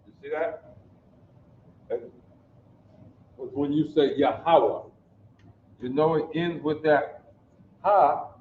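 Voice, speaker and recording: A man teaching a language class at a slow, patient pace, repeating sounds and often asking his students whether they follow. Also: on the high side, a little hiss or hum. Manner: slow, repetitive, checks understanding often. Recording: echoey room, dull lo-fi sound.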